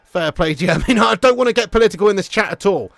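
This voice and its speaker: A man hosting a live football watch-along, excitable and sweary, laughing as he reads out viewer messages. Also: sits high, rapid-fire, gravelly, dry recording. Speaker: livestream host.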